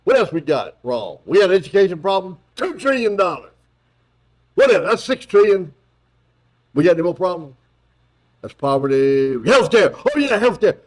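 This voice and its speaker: A man doing a brash, high-voiced politician caricature. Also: big pitch swings, normal speed, pauses often. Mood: mocking. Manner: brash, high and listing off huge sums. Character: mocking take on an older male politician. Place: auditorium.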